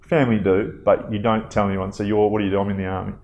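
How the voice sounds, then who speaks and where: Low-voiced Australian man telling stories. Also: fast, creaky, lo-fi sound, slight background noise. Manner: relaxed, conversational, lots of fillers and asides. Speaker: guest. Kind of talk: casual interview storytelling.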